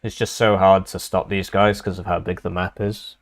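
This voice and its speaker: A man's voice: sits low, little pitch movement, normal speed. A young man casting a live strategy game match, casual and rambling with lots of fillers. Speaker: caster.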